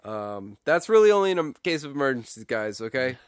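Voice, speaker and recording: Male podcast co-host, crisp voice, casual and goofy, filler-heavy. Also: mid-range voice, big pitch swings, brisk, no room sound, clean studio sound. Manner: rambling, full of fillers, playful. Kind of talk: casual joking podcast chat.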